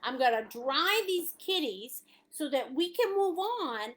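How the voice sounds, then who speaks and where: A playful woman with a high, lively voice leads a live painting class. She talks at an unhurried pace, jokes and laughs often, and speaks warmly to her viewers as she guides each step. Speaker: art instructor.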